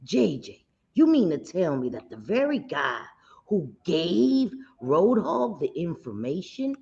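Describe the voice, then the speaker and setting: A woman's voice: on the low side, big pitch swings, takes it slowly, gravelly, a little mellow, lo-fi sound, pitched below the performer's own voice, full character voice. A woman voicing a prim, scandalized Southern belle with a put-on Southern drawl, gasping at gossip.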